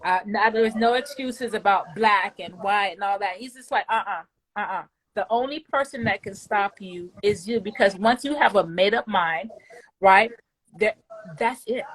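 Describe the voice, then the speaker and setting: A woman's voice: mid-range voice, moderate pace, a little hiss or hum. A woman giving an emotional, effusive client testimonial, often repeating words when moved. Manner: effusive, animated, faith-filled.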